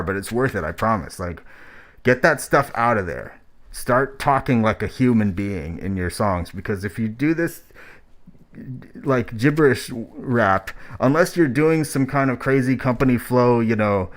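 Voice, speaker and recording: A man streaming, giving blunt, profane, rambling critique of rap tracks. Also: mid-range voice.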